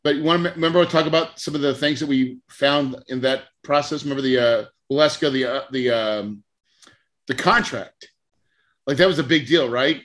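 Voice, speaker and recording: A man's voice: medium pitch, normal speed, fairly bright tone. A man hosting a podcast interview, telling a story with animation, acting out conversations and laughing often. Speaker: podcast host and real estate mentor.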